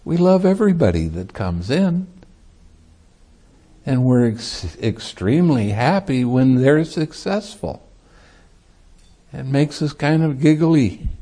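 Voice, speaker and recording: A man's voice: fairly high pitch, mellow. A man, a Buddhist monk and meditation teacher, giving a light-hearted dharma talk and laughing easily as he teaches.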